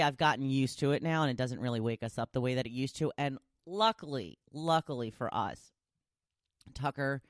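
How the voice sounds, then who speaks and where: A middle-aged woman hosting her own podcast, talking casually and chattily, with big leaps up in pitch. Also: no echo, clean studio sound. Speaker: podcast host. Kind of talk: casual solo podcast talk.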